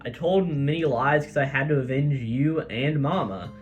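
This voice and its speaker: A man voicing a heartbroken teenage idol girl in a soft, subdued tone. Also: medium pitch, moderate pace, lo-fi sound, soft background music, natural voice. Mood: tearful. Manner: soft, subdued reading of quoted lines.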